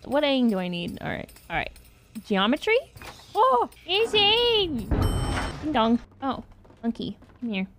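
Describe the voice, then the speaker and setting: A woman's voice: a little high, lively intonation, moderate pace, soft background music. A young woman streaming a game, talking to herself and her chat, swearing and shrieking in sudden bursts. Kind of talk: casual gaming commentary.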